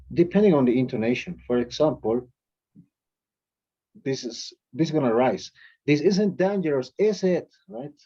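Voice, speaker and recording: A man's voice: medium pitch, vocal fry, dark tone, slightly rough, muffled recording. A man teaching an English grammar lesson to a class. He reads out example sentences and calls on students to answer.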